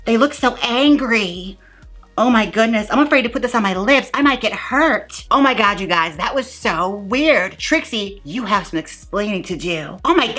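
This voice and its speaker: A woman's voice: a little high, bright, forceful tone. A woman hosting a comedic makeup review vlog in a playful, mock-dramatic, gushing way. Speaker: beauty vlogger.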